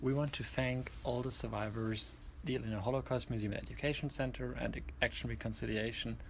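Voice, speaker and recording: Young man, calm sincere voice-over. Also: medium pitch, fairly quick, vocal fry, background noise. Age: young adult. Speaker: museum intern. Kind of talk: scripted narration.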